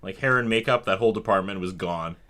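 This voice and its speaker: A man's voice: low-pitched, fast talker. A man co-hosting a podcast in casual chat, joking and laughing often. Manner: animated, laughs often, jokey. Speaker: podcast co-host.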